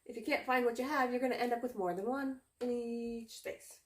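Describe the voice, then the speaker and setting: A woman vlogs while she cleans her bedroom, chatting to viewers in a casual, self-mocking way. Her voice sits a little high. The camera mic picks her up as she moves around the room, with a faint hiss underneath. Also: fairly even intonation, a little fast, roomy sound. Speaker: home cleaning vlogger. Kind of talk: casual vlog narration while tidying. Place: bedroom at home.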